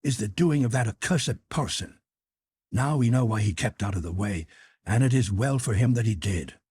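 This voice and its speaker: A man voicing an excitable, hysterical man who yells and rants in a shaky voice. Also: sits low, moderate pace, slightly rough, no echo, clean studio sound, full character voice. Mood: furious. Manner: yelling, overwrought, shaky.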